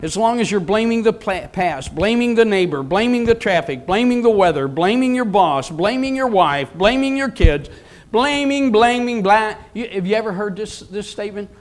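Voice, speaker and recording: A man's voice: high voice, expressive, moderate pace. A man in his seventies preaching a sermon, emphatic and repetitive, leading the congregation in call-and-response. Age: 70s. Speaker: pastor.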